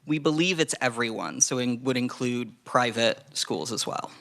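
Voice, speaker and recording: A man's voice: medium pitch, gravelly, a bit bright. Man briefing a committee with fillers. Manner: measured, hedging with frequent fillers. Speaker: legislative staff presenter. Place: legislative committee room.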